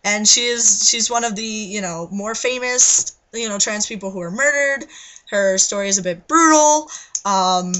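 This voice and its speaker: A woman's voice: mid-range voice, normal speed, fairly bright tone, poor audio. A young adult woman in her bedroom at night, ranting into her webcam in a scattered, agitated way and swearing often. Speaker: vlogger. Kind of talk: rambling webcam rant.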